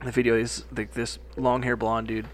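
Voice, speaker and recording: A man's voice: mid-range voice, level tone, moderate pace, slight background noise. A young man co-hosting a podcast, telling loose stories full of swearing and quoted voices in casual chat. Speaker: podcast co-host.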